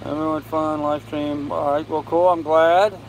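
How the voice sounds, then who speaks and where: An older man hosting a casual live stream from his boat, tired and unhurried, greeting viewers by name as he reads their comments. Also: fairly high pitch, little pitch movement, rough recording. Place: on a sailboat with air conditioning and fan running. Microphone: phone. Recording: faint fan and air-conditioner hum behind.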